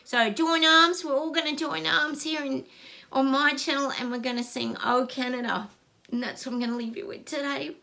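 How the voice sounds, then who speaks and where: Her voice sits high, sharp and creaky, with a level tone and a fairly quick pace: a middle-aged Australian woman hosting a casual psychic reading. She addresses viewers in a gushing, emphatic manner and gets emotional.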